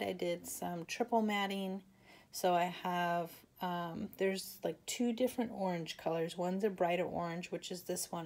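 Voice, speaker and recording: A woman's voice: on the low side, warm tone. A tired woman chatting casually as she shows off a handmade craft project, rambling, laughing and apologizing for yawning. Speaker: papercraft crafter. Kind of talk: casual show-and-tell.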